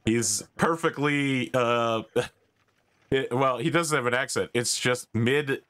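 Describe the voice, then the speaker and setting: A man's voice: mid-range voice, slow pace, a bit bright. A man playing a tabletop game, chatting casually and joking playfully. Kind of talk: casual tabletop role-play chat.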